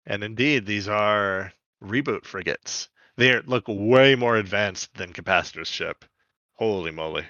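Guy chatting on a podcast, bright tone, talks in loose rambly bits, kinda dull lo-fi sound. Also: on the low side, a little slow, no room sound. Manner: rambling, many fillers. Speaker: podcast co-host. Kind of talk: casual chat.

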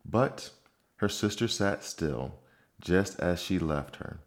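A man narrating a storybook in a calm, measured way. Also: low voice. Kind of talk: storybook reading.

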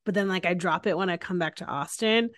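A woman's voice: lowish voice, brisk, fairly bright tone, dry recording, clean studio sound. A young woman from Connecticut hosting a casual interview, chatty and bubbly with many fillers. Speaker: podcast host.

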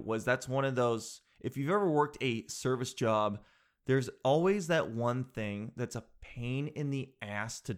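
A young man telling a comedic story in a rambling, sarcastic way, laughing at his own jokes and saying "dude" a lot. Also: medium pitch.

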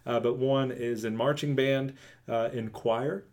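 A man's voice: mid-range voice, steady tone, unhurried, a little mellow. Dry-humored male pastor podcaster. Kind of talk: casual chat.

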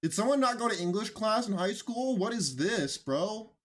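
A man's voice: high-pitched, expressive, moderate pace, a little hiss or hum. A man giving mocking, incredulous reaction commentary on videos, often emphatic and raising his voice.

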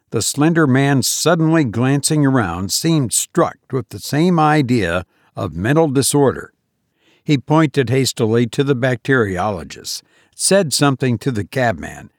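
Measured male storyteller, dry sound. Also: medium pitch, no room sound. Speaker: narrator. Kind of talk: audiobook reading of a classic story.

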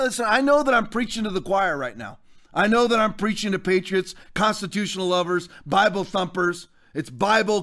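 A man's voice: high-pitched, fairly bright tone. A man who is a pastor and hosts a podcast, delivering fired-up, ranting commentary in a preacher-like way.

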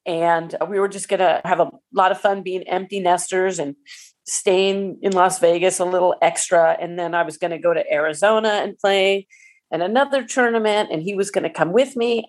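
Her voice mid-range, a forties-aged pickleball player recounts a personal story with emotion, stumbling and restarting many times.

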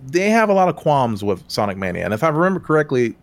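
A man co-hosting a podcast, talking about video games in a casual, animated way, laughing often and breaking into loud outbursts when he quotes himself. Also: medium pitch, fast talker. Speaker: podcast co-host. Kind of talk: casual game talk.

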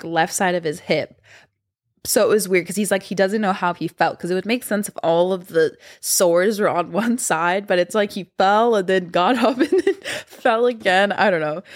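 Young woman podcast host, casual storyteller, rambling and chatty, lower voice, dead-dry room. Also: no room sound. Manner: chatty, heavy use of "like".

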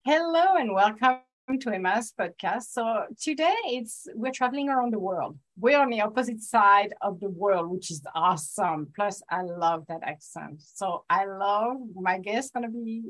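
A woman hosting a podcast, bubbly and excitable, laughing often as she introduces her guest. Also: medium pitch, normal speed, hardly any pauses. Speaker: podcast host. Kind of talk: casual interview chat.

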